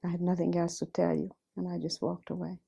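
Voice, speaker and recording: A woman's voice: on the low side, little pitch movement, a little fast, creaky, dark tone, slightly rough. A woman in her fifties from Hungary, telling her life story in a plain, direct way and often repeating "I says". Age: 50s. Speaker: Holocaust survivor giving testimony. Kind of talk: recounting personal testimony.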